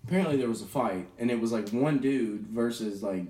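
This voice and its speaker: A man's voice: medium pitch, a little fast, dark tone, reverberant, far from the mic. A young man telling a rowdy bar story in casual chat, laid-back and swearing, often laughing.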